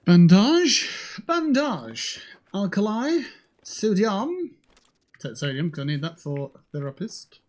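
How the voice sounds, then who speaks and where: Lively, sweary game streamer. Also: mid-range voice, a little slow. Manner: chatty, profane, jokey self-talk while looting. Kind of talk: casual gameplay commentary.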